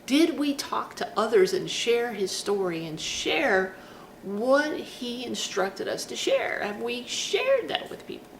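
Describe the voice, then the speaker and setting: Woman, mid-pitched and gravelly, casual devotional speaker, chatty storyteller; noisy recording. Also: takes it slowly. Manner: chatty, storytelling with self-deprecating humor. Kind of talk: informal devotional talk. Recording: steady background noise.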